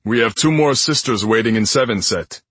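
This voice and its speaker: A man voicing a broad-shouldered, playful young man in an audiobook, speaking in a low, good-natured rumble. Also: moderate pace, a bit bright, breathy edge, dry recording.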